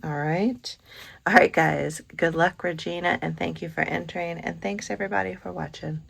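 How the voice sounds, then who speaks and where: A woman, hosting a casual craft unboxing vlog, gushing over each item with soft asides. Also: on the low side, steady tone, moderate pace, vocal fry, dry recording. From Kentucky. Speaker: craft channel host.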